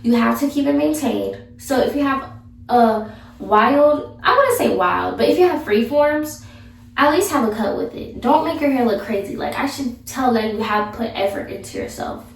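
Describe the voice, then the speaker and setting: Young woman, sassy and blunt, casual advice chat, gravelly edge, distant mic in an echoey room. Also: a little high, lively intonation, normal speed. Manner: sassy, blunt, chatty with restarts. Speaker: vlogger giving advice.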